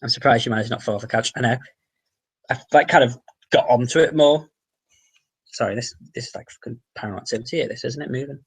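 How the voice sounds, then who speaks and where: A man's voice: medium pitch, fast, breathy edge. A man from the Wirral with a Merseyside accent, hosting a casual livestream Q&A, reading out viewer comments and answering them, swearing now and then. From the Wirral, England. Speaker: livestream host.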